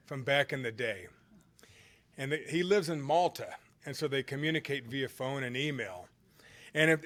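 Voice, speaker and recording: A middle-aged man with a slightly high-pitched voice tells a motivational story from his own life. He talks casually and rambles a little, leaning on fillers and restarting his sentences. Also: a bit bright. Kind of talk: motivational anecdote told conversationally.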